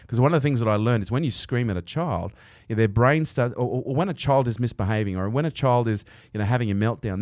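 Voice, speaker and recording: A man's voice: on the low side, darkish tone, dry recording. A man speaking as a podcast guest in a candid interview, earnest and emphatic, with casual swearing. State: he is a parent.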